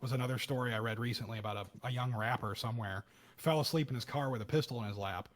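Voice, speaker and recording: A young man co-hosting a casual podcast, talking through a news story with heated emphasis and bursts of louder, higher speech. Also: fast. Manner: animated, acts out quoted voices with rising pitch and loudness. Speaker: podcast co-host. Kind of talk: casual political commentary chat.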